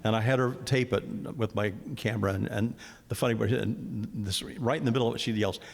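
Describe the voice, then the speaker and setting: An older man from Kansas tells his storm-chasing stories in a relaxed, matter-of-fact way, his voice rough and gravelly. He speaks on a panel, and the sound rings with long reverb from a large hall. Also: on the low side, brisk. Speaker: panelist, former storm chaser. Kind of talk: casual panel storytelling.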